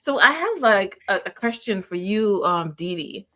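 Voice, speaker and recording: A woman's voice: mid-range voice, big pitch swings, unhurried, a bit bright. A woman hosting a casual podcast interview, asking several questions in a row. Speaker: podcast host.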